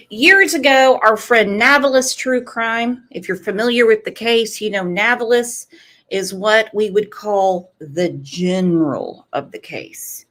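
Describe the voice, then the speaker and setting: A woman's voice: medium pitch, a bit bright. A woman hosting a true crime channel, talking earnestly and directly to her viewers in casual commentary. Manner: slow, earnest, talks straight to viewers.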